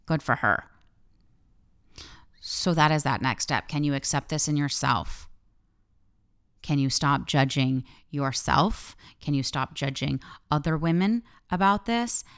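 Frank woman podcast host in her thirties, low and resonant, swears casually on a solo show. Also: a little slow, clean tone. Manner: frank, animated, swears freely. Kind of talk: candid solo podcast monologue.

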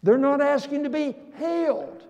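A man preaching a sermon in a dramatic, emphatic way, slowing down on key words and breaking into sudden loud exclamations. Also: extremely high pitch, lo-fi sound. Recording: long reverb of a large hall.

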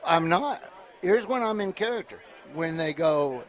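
A middle-aged man from southeast Nebraska sits in as a comedian guest, spinning casual stories at a fairly high pitch. He leaps loud and high whenever he acts out what other people said. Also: measured pace. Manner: animated storyteller who jumps up loud and high when quoting people. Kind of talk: casual interview storytelling.

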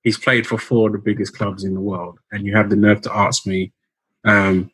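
A man's voice: fairly low pitch, flat delivery, fairly quick, fairly bright tone, slightly rough. A man co-hosting a casual podcast, thinking aloud, asking questions and checking his notes. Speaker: podcast co-host. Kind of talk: casual chat.

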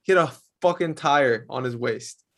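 A man's voice: medium pitch, normal speed, fairly bright tone. A man co-hosting a podcast, casually agreeing and swearing. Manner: short agreeing replies, swears. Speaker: podcast co-host. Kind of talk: casual chat.

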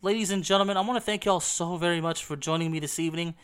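A man hosting a solo game talk show, hoarse and coughing as he recovers from illness, rambling with many fillers. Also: high voice, fairly even intonation, fast talker, fairly bright tone. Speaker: podcast host. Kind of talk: casual solo talk about video games.

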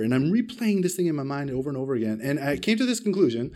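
A man preaching a sermon, telling a personal story with big swings in pitch and loudness, self-deprecating and asking the congregation questions. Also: very animated, fast talker, hardly any pauses. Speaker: pastor.

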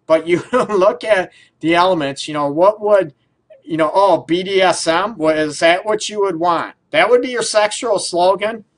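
A man's voice: sits high, moderate pace. A man hosting a talk radio show, playful and rambling, laughing often as he tosses out questions. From Detroit area. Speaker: radio show host, counselor. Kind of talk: casual talk radio, chatty.

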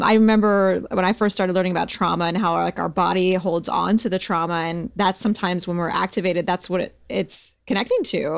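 A woman hosts a podcast conversation, speaking casually with plenty of fillers. Her pitch sits in the middle range, and she sounds compassionate and conversational as she responds to her guest. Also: clear, resonant tone. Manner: warm, compassionate, chatty with many fillers. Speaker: podcast host.

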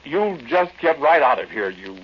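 A man's voice: on the high side, very animated, moderate pace. An actor playing a timid, flustered man who stammers nervously, in old-time radio drama style, on a dull lo-fi recording with faint hiss.

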